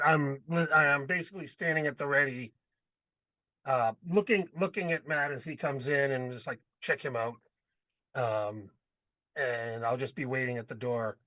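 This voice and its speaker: Casting: man, tabletop player, bright tone, dry close-mic sound, gruff and practical. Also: mid-range voice, no room sound, low-quality recording. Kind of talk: tabletop role-play, in character.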